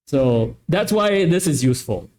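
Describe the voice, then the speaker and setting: A man's voice: fairly high pitch, lively intonation, unhurried, crowd noise. A man from Malaysia with a westernized English accent, hosting a casual stream chat in a talkative, playfully self-correcting way. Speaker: streamer hosting a tabletop game channel.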